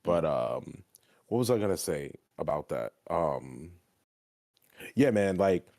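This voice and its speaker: A man's voice: deep voice, sing-song, slow pace, darkish tone, no echo, studio quality. A man in a casual gaming chat, blunt and boastful, with plenty of trash talk.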